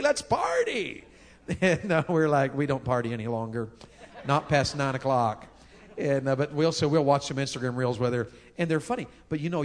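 A man, preaching a sermon on marriage in a folksy, joking way and talking with the crowd. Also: on the high side. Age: 50s. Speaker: pastor.

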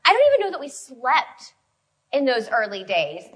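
Bright, lively woman preaching. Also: sits high, poor audio. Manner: conversational and storytelling, quick shifts in loudness. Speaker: preacher speaking to a women's group. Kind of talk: sermon.

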